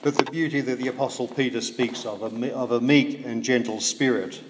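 A male preacher delivers his sermon at a measured pace, asking the listeners questions and slipping in dry humor. His voice is a middle-pitched, ordinary male voice. It carries a long reverb from a large hall, over a faint background hiss. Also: steady tone.

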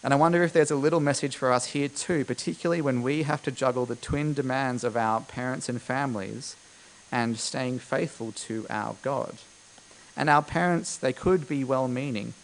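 A man's voice: medium pitch, low-quality recording. Male preacher, mid-range voice, chatty sermon delivery with lots of fillers. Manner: conversational, explanatory, with frequent fillers.

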